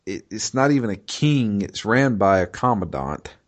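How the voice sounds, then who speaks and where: A man in casual chat, recapping a game in a halting way with many fillers and restarts. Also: on the low side, animated. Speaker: podcast co-host recapping a video game.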